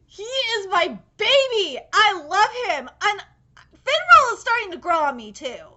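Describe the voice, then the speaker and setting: A young woman giving excited live reaction commentary on an anime episode, gushing and swearing freely with squealing outbursts. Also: very high-pitched, unhurried.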